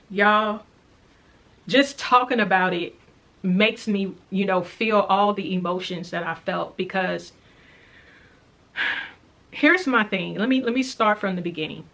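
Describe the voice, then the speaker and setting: A woman's voice: mid-range voice, bright, forceful tone. Earnest woman recounting a dream. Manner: earnest, reflective, recounting slowly with repetitions. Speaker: faith vlogger sharing a dream. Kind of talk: casual spoken storytelling.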